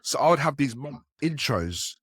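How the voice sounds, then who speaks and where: A man's voice: normal speed, husky, no room sound, clean studio sound. A man talking about enterprise sales on a podcast, telling stories and acting out the people in them with a raised voice. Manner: animated, acts out quotes with raised pitch. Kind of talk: casual podcast storytelling.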